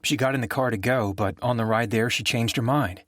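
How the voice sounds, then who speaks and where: A man's voice: medium pitch, fairly quick, fairly bright tone, dry recording, studio quality, close to an everyday voice. A male narrator voicing a grieving adult man who lashes out at his brother in bitter, accusing outbursts. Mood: shaken. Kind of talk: audiobook character voice.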